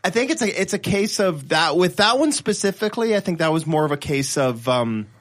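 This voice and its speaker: A man's voice: sits high, animated, a little fast, a bit bright. Rambling, laughing man telling stories. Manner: rambling storyteller, laughs at own stories, restarts often. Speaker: podcast co-host. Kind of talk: casual panel chat.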